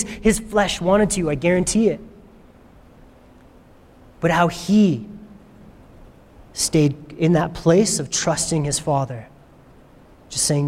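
High-voiced fervent male preacher. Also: expressive, slow, pauses often. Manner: fervent, emphatic preaching with repeated phrases. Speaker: pastor. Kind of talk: sermon. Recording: long reverb of a large hall.

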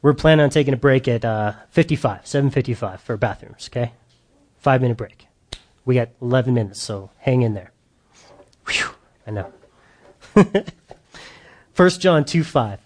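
A man's voice: mid-range voice, moderate pace, pauses often. A middle-aged man leading a humorous church parenting session for a live audience, telling stories and acting out his own outbursts. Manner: animated storyteller, acts out his own outbursts loudly. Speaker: parenting seminar speaker.

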